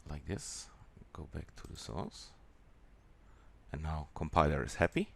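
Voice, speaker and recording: A man with a German accent walking through a software tutorial in a halting way, with many pauses and fillers. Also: rumbling low, very animated, gravelly, husky. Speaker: software demonstrator.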